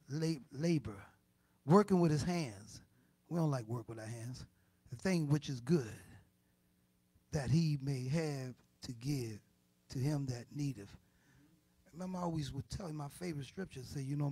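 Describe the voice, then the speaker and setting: A male church elder delivers a sermon in a notably high voice. His passionate preaching drops to near-whispers and climbs to loud peaks as he plays out the listeners' objections in rhetorical asides. The sound is close and dry, with no room echo. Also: slightly rough. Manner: impassioned preaching with swings between hushed and loud.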